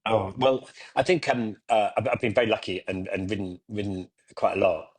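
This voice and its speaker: A man guest on a podcast, a motorcycle adventurer who tells lively travel stories and acts out what people said to him. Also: on the low side, moderate pace, slightly rough. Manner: animated storyteller who acts out quoted dialogue. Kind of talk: casual podcast chat.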